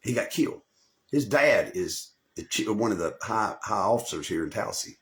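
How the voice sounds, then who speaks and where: A man's voice: on the low side, expressive, fairly quick. A man, telling a rambling, profane personal story as a channel host, boasting and swearing constantly and often losing his thread. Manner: swaggering, boastful, swears constantly, loses the thread and repeats himself.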